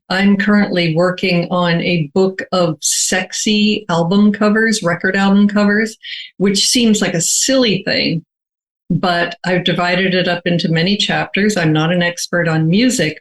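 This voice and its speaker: An older woman from the United States talks through interview answers at an unhurried, considered pace, leaning on important words. Her voice sits on the lower side for a woman. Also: poor audio. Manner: measured, thoughtful, stretches key words slowly. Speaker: author being interviewed.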